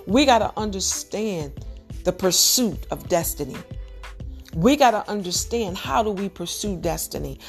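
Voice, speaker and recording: Woman preaching on a podcast, lots of rhetorical questions, gets emphatic, faint music behind. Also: medium pitch. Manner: exhorting with rapid rhetorical questions; emphatic, repetitive, rising to urgent peaks. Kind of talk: preaching sermon.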